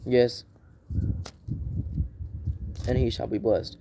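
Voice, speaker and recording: A man reading scripture aloud in a plain, unhurried way, often restarting and correcting himself. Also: fairly low pitch, little pitch movement, dark tone. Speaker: Bible reader.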